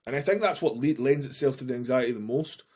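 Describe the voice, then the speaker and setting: A man's voice: mid-range voice, quick pace, darkish tone, slightly rough. A man who works as a coach, a guest on a podcast, talks openly about his anxiety. He speaks frankly, swears freely and often restarts his sentences. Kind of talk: candid podcast conversation.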